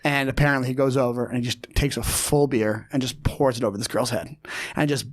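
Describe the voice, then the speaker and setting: A man hosting a podcast, telling a story in a casual, animated way, acting out the quotes and laughing often. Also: medium pitch, brisk. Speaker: podcast host.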